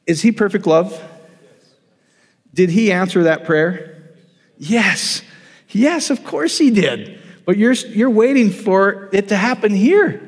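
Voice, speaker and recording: A man's voice: high-pitched, expressive, slow pace, pauses often, long reverb tail. A man preaching a sermon, emphatic and repetitive, often restarting his sentences. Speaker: pastor.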